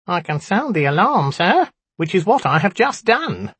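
A man voicing a proud little male imp guarding a door, with a squeaky, nasal, polite voice. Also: sing-song, moderate pace, a bit bright, breathy edge, no room sound, full character voice. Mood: prim squeak. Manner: polite, dutiful, nervous.

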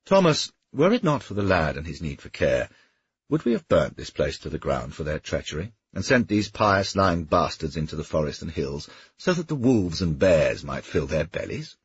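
A man voicing a coarse, boastful veteran knight who bellows and scorns, with a husky voice. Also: sits low, sing-song, normal speed, dull audio, full character voice. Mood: impatient.

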